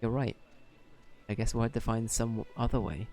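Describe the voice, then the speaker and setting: A man's voice: medium pitch, steady tone, normal speed, darkish tone, soft background music, close to an everyday voice. A man voicing an earnest young boy hero in a game, speaking politely and with worry. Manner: earnest, questioning.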